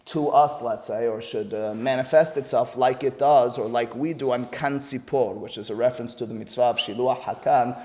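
A man delivering a Talmud lecture in an earnest, explanatory way, his voice climbing sharply whenever he stresses a point. His voice sits at an ordinary middle pitch. The recording carries a long, hall-like reverb. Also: fairly even intonation, moderate pace, few pauses, darkish tone, a little hiss or hum. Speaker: Talmud teacher.

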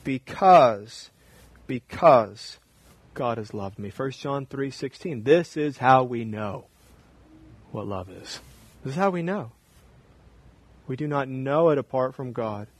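A man preaching a sermon as pastor in a church, repeating short phrases and swinging from loud emphasis down to hushed, quiet lines. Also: medium pitch, expressive, slow pace, pauses often, breathy edge.

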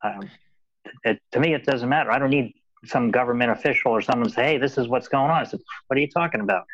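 A man's voice: medium pitch, fast talker, a bit bright, muffled recording. A man in casual conversation, rambling and often repeating his words. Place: Los Angeles.

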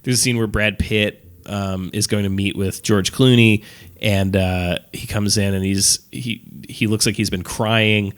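A man's voice: lowish voice, fairly even intonation, measured pace. A man co-hosting a podcast, chatting casually and rambling through a story with lots of "like" and "um", swearing offhandedly and laughing as he goes. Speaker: podcast co-host reviewing films. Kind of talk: casual chat.

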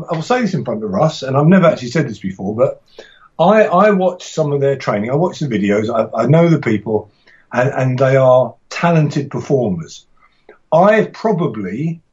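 A man's voice: mid-range voice, a little mellow, highs cut off. A middle-aged man, a martial arts instructor and author, telling stories in a podcast interview with enthusiasm and frequent restarts.

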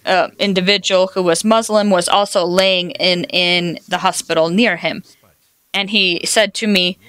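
A woman's voice: mid-range voice, sharp tone, no room sound. A woman preaching a sermon, telling personal stories and quoting scripture in an earnest way. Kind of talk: sermon teaching.

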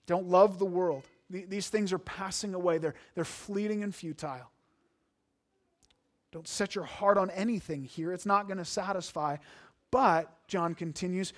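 Male pastor, high-pitched, earnest sermon delivery with emphatic stresses and frequent restarts. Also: fairly even intonation, moderate pace.

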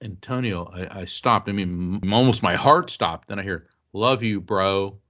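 A man with a fairly low voice tells a personal story as an interview guest, speaking with earnest feeling. He is a psychic medium and author who acts out the voices of the people in his tale. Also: moderate pace, fairly bright tone, dull audio.

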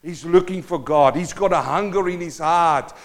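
Man, preacher, high voice, fervent sermon, loud then hushed, repeated questions to the congregation. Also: normal speed. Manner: impassioned, swinging between loud exhortation and quiet pleading. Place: church.

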